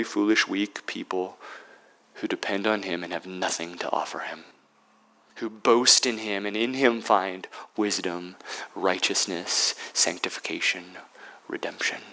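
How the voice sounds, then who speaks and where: A man preaching a sermon as pastor, swinging between loud emphatic peaks and hushed, near-whispered lines. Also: sits low, fairly even intonation, measured pace, rough recording.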